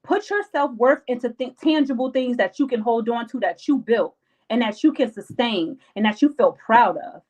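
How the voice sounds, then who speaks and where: A woman's voice: a little high, animated, normal speed, darkish tone, rough recording. A young adult woman hosting a live stream, giving casual life advice in an emphatic, slangy, repetitive way and acting out her friends' lines.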